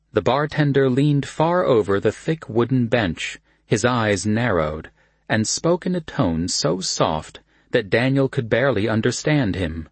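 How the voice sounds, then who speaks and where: A man narrating an audiobook in a calm, even storytelling manner. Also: fairly low pitch, no room sound.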